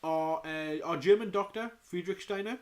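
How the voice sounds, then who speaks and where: A man co-hosting a podcast, chatting casually and throwing in quick jokes. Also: sits high. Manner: chatty, jokey, quick asides. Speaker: podcast co-host. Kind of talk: casual chat.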